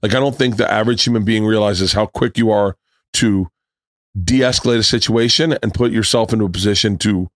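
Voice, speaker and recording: A middle-aged man from the United States telling animated stories in casual chat, acting out the people he quotes. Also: fairly low pitch, fairly quick, no echo, studio quality. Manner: animated storyteller, acts out quotes in raised voice.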